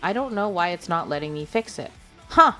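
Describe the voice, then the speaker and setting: A woman streamer chats casually with her viewers, giggling often and peppering her talk with "like" and "you know." Her lowish voice is expressive, pushed and bright, and fairly quick, with soft music in the background.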